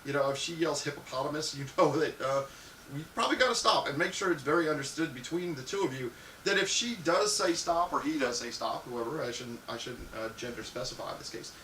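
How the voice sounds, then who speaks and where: A man hosting a live show, giving crude, frank advice to viewers and acting out loud little scenes. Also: a little high, animated, a little fast, distant mic. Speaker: live show host answering viewer questions. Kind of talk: casual live-stream advice talk. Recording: echoey room, off-mic, faint hiss.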